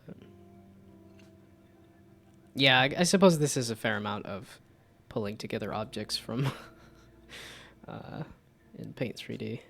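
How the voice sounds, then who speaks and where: A man's voice: medium pitch, animated, slow, gravelly, long pauses, sharp tone, a little hiss or hum. A man chatting casually on a live stream about his game development projects, rambling and self-deprecating.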